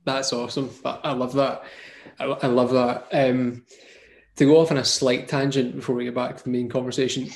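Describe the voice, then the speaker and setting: Guy hosting a chat, gravelly voice, repeats stuff, echoey room. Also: mid-range voice, little pitch movement, moderate pace. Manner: enthusiastic, repeats phrases, stumbles. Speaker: podcast host. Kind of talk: casual interview chat. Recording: roomy echo.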